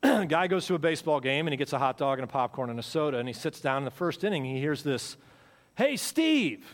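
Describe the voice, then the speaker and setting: A pastor giving a sermon in a church. He talks in a conversational way, repeats his phrases for emphasis, and swings between loud and quiet. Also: medium pitch. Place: church sanctuary. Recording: long hall reverb.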